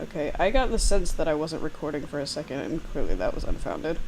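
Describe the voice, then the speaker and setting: A woman's voice: low voice, very animated, fast, hardly any pauses, noisy background. A woman hosting a let's-play at home, reading game narration and chatting with self-deprecating, dry humor. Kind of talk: casual game narration and commentary.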